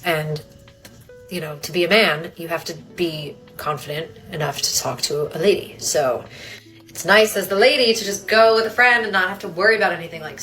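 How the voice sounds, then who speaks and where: A woman's voice: on the low side, a bit bright, poor audio. A young woman telling a story in a casual vlog, chatty and giggly, with lots of fillers.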